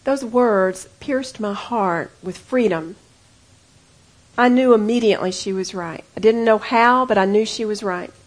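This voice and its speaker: A woman, preaching to a women's gathering, swinging from loud emphatic urging to soft confiding. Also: medium pitch, a little slow, rough recording. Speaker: women's ministry speaker.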